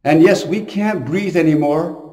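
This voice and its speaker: A man's voice: on the high side, a little slow, dark tone, echoey room. A man preaching as a priest, telling stories and stressing his points with sudden emphatic bursts. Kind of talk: homily to camera.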